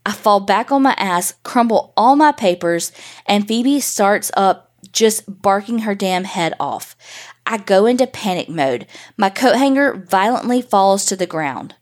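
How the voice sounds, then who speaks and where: Reading aloud a ghost story a listener sent in, a mid-pitched woman narrates in the first person with loose, animated, swear-laden energy, going a little slow.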